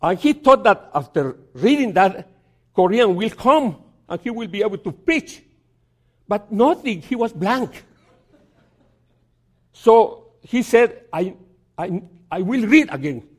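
Slow, halting preacher man. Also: high voice, expressive. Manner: halting, repeats words, dramatic pauses; reads scripture aloud slowly. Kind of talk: storytelling sermon.

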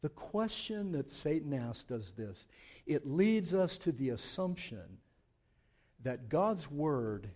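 A man preaching a sermon as pastor, swinging from loud, emphatic passages to quiet joking asides. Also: mid-range voice. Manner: joking, conversational.

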